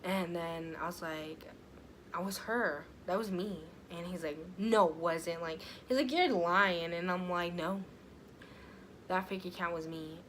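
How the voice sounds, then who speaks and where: A woman's voice: lowish voice, fairly even intonation, a little slow, rough recording. A young woman telling a personal story to her vlog audience, chatty, full of fillers and casual swearing. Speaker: vlogger. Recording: faint background noise.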